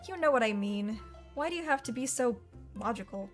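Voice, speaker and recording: An eager, talkative schoolgirl, bubbly and imaginative, her voice sitting on the higher side, as a woman reads her aloud. The storybook reading carries light music in the background. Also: animated, brisk, close to an everyday voice. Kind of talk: audiobook character voice.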